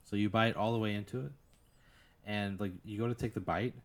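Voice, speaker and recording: A man with a somewhat low voice runs an improvised tabletop game. He rambles through the scene, stacking fillers and breaking into laughs as he goes. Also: fairly even intonation, brisk. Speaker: game master. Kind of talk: narrating an improvised tabletop scenario.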